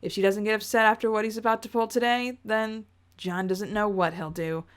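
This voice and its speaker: A woman reading a story aloud and reacting to it in a chatty, expressive way. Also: medium pitch, fairly quick. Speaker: reader reacting to fan fiction.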